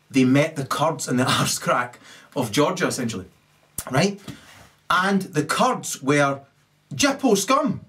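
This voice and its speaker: A man delivering an angry, profane monologue, peppering his talk with "right?" and swinging his pitch up and down. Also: a bit bright. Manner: ranting, sweary, keeps asking "right?", big swings in pitch. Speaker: video ranter.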